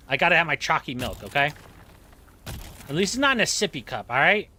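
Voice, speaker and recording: Bright-voiced joking male streamer. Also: on the high side, very animated, fairly quick, long pauses, slight background noise. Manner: joking, rambling, self-mocking. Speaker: game streamer. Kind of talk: casual chat while playing.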